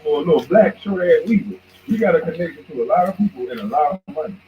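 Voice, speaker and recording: A podcast host rants in animated, profane commentary, heated and mocking, swinging between shouts and mutters. His voice is a little high and quick. The recording is dull and lo-fi.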